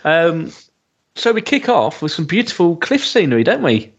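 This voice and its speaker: A man co-hosting a podcast casually reviews a TV episode, full of ums and restarts. His voice is fairly high, sing-song and slightly rough, at normal speed, and the recording has its highs cut off.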